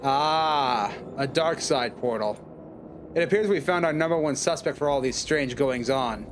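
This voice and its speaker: A man voicing a dry, unflappable detective in a game, speaking deadpan. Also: medium pitch, a little slow, background noise, pitched below the performer's own voice, natural voice.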